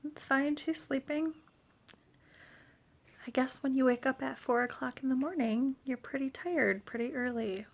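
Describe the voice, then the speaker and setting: A woman's voice: high voice, fairly even intonation, a little fast, gravelly, hardly any pauses. A woman chatting casually at home in a vlog, rambling and sometimes dropping to a near-whisper. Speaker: vlogger and homeschooling mom.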